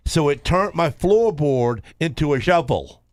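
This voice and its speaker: A man's voice: on the high side, animated, measured pace, no echo, clean studio sound. A man, telling a long story on a radio talk show, rambling and restarting often.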